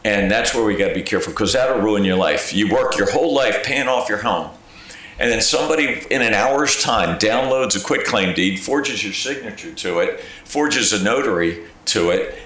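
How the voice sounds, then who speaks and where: Speaking at a moderate pace in a lowish voice, a county clerk of court addresses a village council with lively stories, performing phone calls and quoting people. He stays conversational and punctuates points with "okay?" The council chamber is very echoey.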